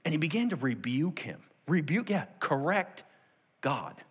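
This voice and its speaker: A man preaching a sermon to a congregation, animated and acting out the scenes of the story in different voices. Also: fairly high pitch, a little slow, husky, long reverb tail. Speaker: pastor.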